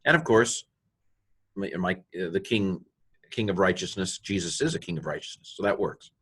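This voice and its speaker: A man's voice: deep voice, expressive, moderate pace, a bit bright, slightly rough. An older man giving a recorded Hebrew grammar lesson, rambling and joking at himself, with many fillers and restarts. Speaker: Bible and Hebrew teacher.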